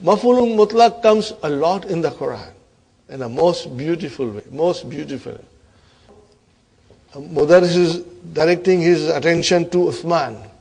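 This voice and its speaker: Encouraging male Arabic teacher, higher voice. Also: creaky, a little mellow, slightly rough. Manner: encouraging, checks in with "huh?" and quizzes the class; quotes Arabic phrases slowly. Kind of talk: classroom lecture.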